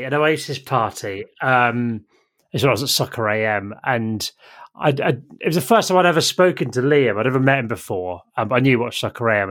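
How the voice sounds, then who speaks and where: A middle-aged man guest telling a story in casual chat, animated and acting out the voices of the people in it. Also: medium pitch. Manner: animated, acts out quoted voices. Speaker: podcast guest telling an anecdote.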